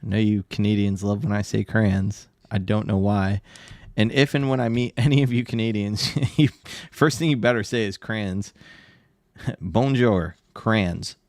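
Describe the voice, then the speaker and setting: A man's voice: on the low side, fairly even intonation, measured pace, a little mellow, no room sound, clean studio sound. A man chatting and joking with viewers on a live art stream, teasing them and laughing often. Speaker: livestreaming artist and tattoo artist. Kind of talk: casual livestream chat with viewers.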